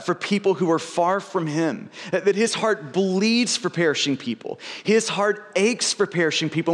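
High-voiced pastor preaching in a reverberant hall. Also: male voice. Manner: earnest, frequent word repeats and restarts. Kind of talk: sermon.

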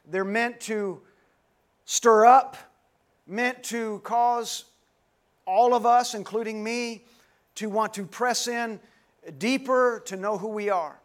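High-voiced man preaching a sermon. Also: fairly even intonation, slow pace, long pauses. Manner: call-and-response, repeats questions, calls out listeners by name. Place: dim church hall, live congregation.

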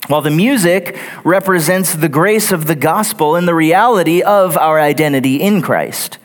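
A man's voice: fairly high pitch, normal speed. Man preaching an earnest sermon. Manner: earnest, builds points in lists and repetition. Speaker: pastor. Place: church sanctuary.

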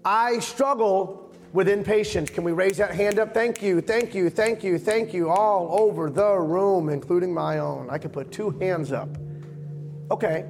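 A man preaching as a pastor, leading his congregation in a quiet prayer of confession and speaking the confessions for them. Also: high-pitched, vocal fry. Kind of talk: sermon and altar-call prayer.

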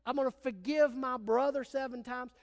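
Man playing a boastful proud man, puffed-up and eager, high voice, echoing hall. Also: fairly even intonation, moderate pace, gravelly. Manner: boastful, self-satisfied. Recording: long hall reverb.

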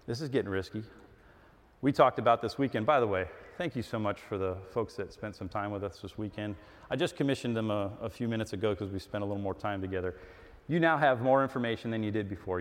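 A middle-aged man preaching a sermon, animated and emphatic, acting out little dialogues as he goes. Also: lowish voice. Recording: long hall reverb.

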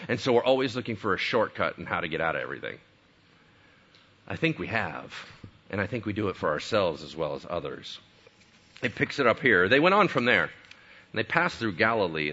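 A man's voice: fairly low pitch, bright, forceful tone, muffled recording. A man preaching a sermon in a conversational way, full of rhetorical questions. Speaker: pastor.

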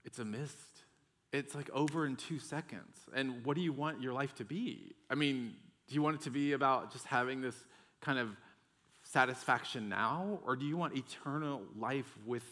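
A man casually telling a personal story in a rambling, animated way, full of restarts and quoted dialogue. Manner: animated, rambling, many restarts and "like"s, gets loud and high when excited. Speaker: storyteller sharing personal faith testimony.

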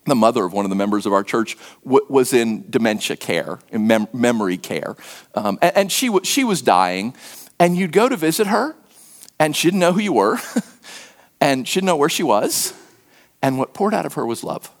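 A man preaching a sermon as pastor, telling stories and acting out quotes, sometimes dropping to a hushed near-whisper for emphasis. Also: big pitch swings, normal speed. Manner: storytelling, acts out quotes with sudden pitch jumps.

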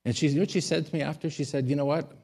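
A man's voice: a little high, fairly even intonation, rapid-fire, creaky. Man preaching a storytelling sermon. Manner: storytelling, rising to loud emphatic peaks. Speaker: pastor.

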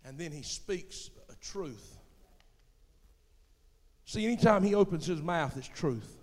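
High-voiced preaching man in a reverberant hall. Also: animated, slow, long pauses. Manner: impassioned preaching, swinging from low murmurs to shouts. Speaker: pastor. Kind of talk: sermon. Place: church sanctuary.

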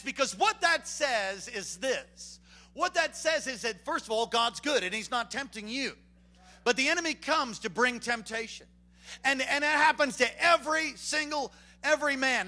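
High, bright-voiced preacher, loud to hushed. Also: male voice. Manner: animated, swinging from hushed to shouting. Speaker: pastor. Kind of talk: sermon. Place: church before a congregation.

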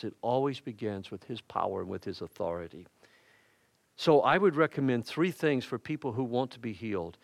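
Folksy pastor, dry close sound. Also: male voice, medium pitch, no echo. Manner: folksy and conversational, with personal asides and humor. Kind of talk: sermon. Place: church.

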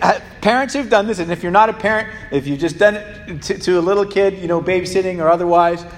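A man preaching a sermon to a congregation, animated and emphatic, and given to humorous asides. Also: a little high. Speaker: pastor. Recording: long reverb of a large hall.

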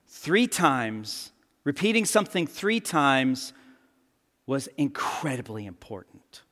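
High-voiced preacher in a reverberant hall. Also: male voice. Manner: animated storytelling, acts out quotes. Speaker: pastor. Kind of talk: sermon.

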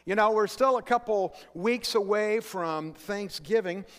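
High-voiced pastor preaching in a reverberant church. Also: male voice, unhurried, fairly bright tone. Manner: earnest, emphatic preaching with call-and-response. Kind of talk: sermon. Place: church sanctuary. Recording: long hall reverb.

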